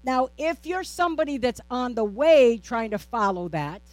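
A woman pastor preaches a sermon in a steady, repetitive cadence, using rhetorical questions and playful, self-teasing asides. Her voice is a little high, her pace moderate, and there's no room sound.

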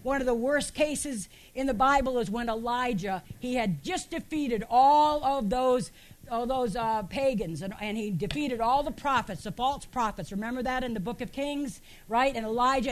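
Woman pastor, high voice, emphatic sermon delivery with rhetorical questions, speaking in a church. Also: a little fast.

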